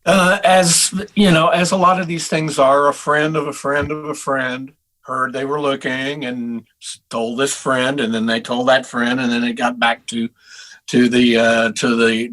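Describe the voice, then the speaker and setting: Bright-voiced middle-aged man from Texas. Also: mid-range voice, poor audio. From Houston, Texas. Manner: relaxed storyteller with frequent restarts. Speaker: guest saxophonist. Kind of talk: casual interview chat.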